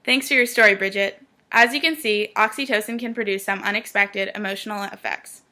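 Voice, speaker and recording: A young woman acting as a news anchor, reading a script in a crisp, formal way. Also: mid-range voice, fairly even intonation, fairly quick, pushed and bright.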